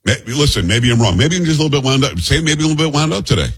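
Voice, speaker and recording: A man's voice: fairly high pitch, animated, racing, a bit bright, slightly rough. A man hosting a talk show, giving blunt, heated commentary on the news and sometimes stumbling over names. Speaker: host.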